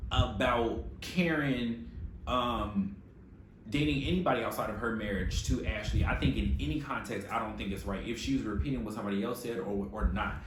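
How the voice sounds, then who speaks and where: A man giving a casual, opinionated TV recap, sassy and profane, full of slang. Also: medium pitch. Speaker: reality TV recap host. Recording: echoey room with faint noise.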